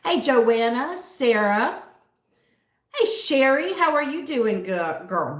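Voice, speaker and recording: A woman's voice: a little high, sing-song, takes it slowly, a bit bright, roomy sound. A Southern American woman hosting a livestream, chatting casually and giggling as she greets viewers by name. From southern United States. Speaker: livestream host.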